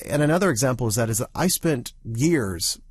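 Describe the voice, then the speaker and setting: A man who grew up in the Southern United States, talking as a podcast co-host in a casual chat, animated and full of restarts. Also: medium pitch, a little fast, husky, no room sound.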